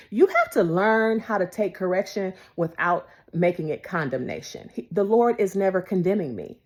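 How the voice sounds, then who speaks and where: Expressive woman preaching, wide pitch swings. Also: a little slow. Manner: emphatic, swings from loud to whispered; repeats phrases for emphasis. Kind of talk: devotional sermon.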